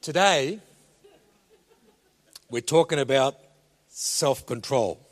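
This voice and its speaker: A male preacher, giving an animated sermon and telling a story, often repeating words as he starts a sentence. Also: mid-range voice, slow. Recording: long reverb of a large hall.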